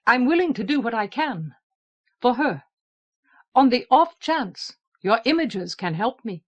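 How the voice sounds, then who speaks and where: A woman's voice: fairly high pitch, big pitch swings, unhurried, highs cut off. A woman voicing a blunt male alien soldier in an audiobook, plain-spoken and direct.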